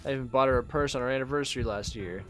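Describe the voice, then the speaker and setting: Male streamer doing a broken, bitter salaryman who rants and curses, mid-pitched, over faint game music. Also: racing, natural voice. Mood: ranting. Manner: ranting, swearing, bitter. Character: exhausted, cheated-on, furious overworked man.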